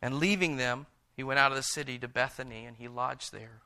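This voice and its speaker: A man preaching a sermon who reads scripture slowly and hushed, then retells it in lively everyday words. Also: mid-range voice. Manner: reads scripture in a slow, hushed voice and paraphrases in a lively, animated one.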